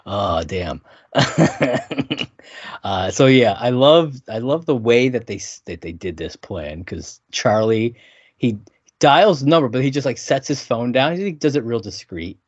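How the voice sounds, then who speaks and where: A man's voice: mid-range voice, animated, a little slow, no room sound. Laughing man recapping scenes on a podcast. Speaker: podcast co-host. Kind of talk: casual chat. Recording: dry, dull lo-fi sound.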